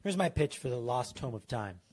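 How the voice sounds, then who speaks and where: A man co-hosting a casual podcast, playfully reading out a story pitch with joking asides. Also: big pitch swings, fairly quick, darkish tone, husky. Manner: playful, reads aloud with self-deprecating asides. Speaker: podcast co-host.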